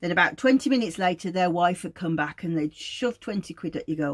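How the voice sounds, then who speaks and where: A woman's voice: on the low side, animated, fairly quick. A woman, an aromatherapist, giving an informal teaching talk in a meandering, anecdotal way.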